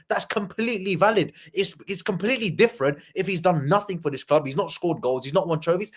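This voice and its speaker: Man, podcast panelist, blunt and angry, somewhat high voice. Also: a little fast, few pauses, husky. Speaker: fan panelist. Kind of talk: heated podcast rant.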